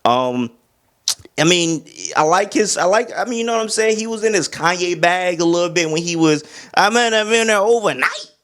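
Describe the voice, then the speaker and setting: A man's voice: sits high, moderate pace. A young man giving a casual, slang-heavy album review, often breaking into humming and rapper imitations. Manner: animated, slangy, hums beats and imitates rappers. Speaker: music reviewer.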